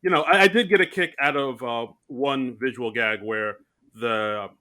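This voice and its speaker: A man co-hosts a podcast in casual chat, his mid-range voice animated and self-mocking. He talks in quick bursts and restarts often.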